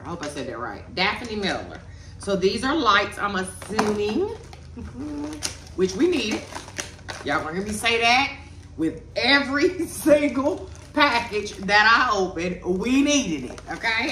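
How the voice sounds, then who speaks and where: A chatty woman talks casually to her viewers while she opens packages. Her pitch swings widely and she takes her time. She sounds a little far from the mic, in an echoey room with noise behind her. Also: big pitch swings, slow pace, sharp tone. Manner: chatty, addresses viewers as y'all and child. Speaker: vlogger. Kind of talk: casual chat while unboxing.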